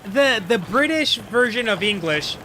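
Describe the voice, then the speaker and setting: Excitable high-voiced man streamer. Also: a little slow, noisy background. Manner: excitable, laughs often, talks to himself while playing. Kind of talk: live gameplay commentary and chat banter.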